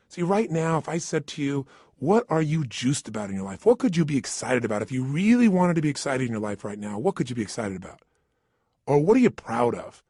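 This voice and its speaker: Middle-aged male motivational speaker, fairly high husky voice, emphatic, swoops up and down, dry close mic. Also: dark tone, no echo. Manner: emphatic, questions the listener directly. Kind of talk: energetic motivational talk. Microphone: studio microphone.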